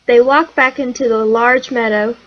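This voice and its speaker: A woman reading a children's picture book aloud in a slow, gentle storytelling way. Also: on the high side, fairly even intonation, muffled recording. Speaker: storybook reader.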